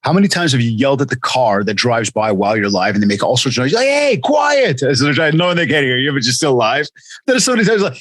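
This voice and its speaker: A male podcast host chats casually with a guest, a mid-pitched voice on a dry, close recording. He tells stories with energy and slips into quoted voices as he goes. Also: fast talker, no echo. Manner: animated storyteller, acts out quotes. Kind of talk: casual interview chat.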